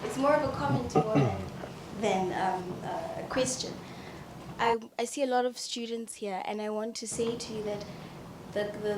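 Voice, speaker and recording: Emphatic woman in echoey hall. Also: mid-range voice. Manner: emotional, emphatic. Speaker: audience member. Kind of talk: earnest comment from the floor. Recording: echoey hall with noisy ambience.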